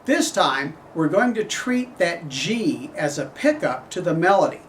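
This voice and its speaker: A middle-aged man gives a horn clinic, talking slowly and explaining each phrase with care. His voice sits fairly high, and he sings phrases on syllables. He is recorded from a distance with faint ambience behind him. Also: very animated, fairly bright tone, a little hiss or hum. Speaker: horn professor giving a clinic. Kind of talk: instructional clinic talk.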